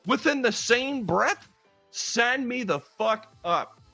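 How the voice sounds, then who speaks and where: A man's voice: very high voice, expressive, slow pace, gravelly, sharp tone, dry recording, faint music behind. A man co-hosting a podcast in casual banter, laughing often and swearing freely. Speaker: podcast co-host.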